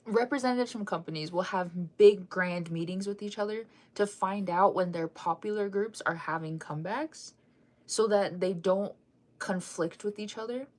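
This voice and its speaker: A woman's voice: medium pitch, normal speed. A young woman hosting a casual fan news chat, rambling with lots of fillers and restarts while she keeps yawning and sighing.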